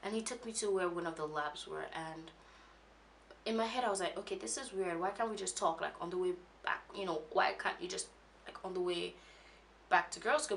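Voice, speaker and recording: A young woman telling a painful personal story, halting, with many restarts and fillers, audibly shaken as she recalls it. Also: on the low side, creaky, fairly bright tone, a little hiss or hum. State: emotional, shaken when recalling. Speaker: vlogger.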